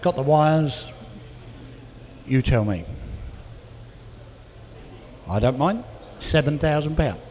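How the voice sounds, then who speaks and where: A man working as an auctioneer, calling bids quickly and adding chatty asides about each car. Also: on the high side, expressive, darkish tone. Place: auction hall, indoors. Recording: reverberant hall with faint noise.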